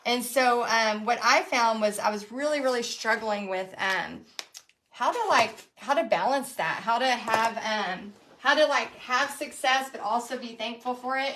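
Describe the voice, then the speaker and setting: A woman's voice: a little high, a bit bright. A woman teaching a live painting workshop, talking chattily with lots of "like" and "um". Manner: chatty, frequent "like" and "um". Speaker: paint party instructor.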